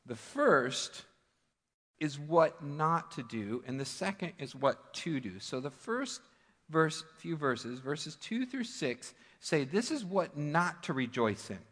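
A man preaches in a conversational yet emphatic way, mixing plain asides with pointed stress. His voice sits at an ordinary middle pitch. It rings out in a church sanctuary with a long, trailing reverb. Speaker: pastor. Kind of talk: sermon.

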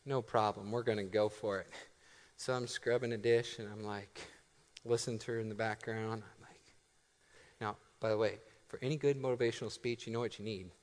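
A male pastor preaching a sermon in a church, telling stories with a lively, self-deprecating delivery. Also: on the low side, fairly quick, big-room sound. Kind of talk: sermon storytelling. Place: church sanctuary.

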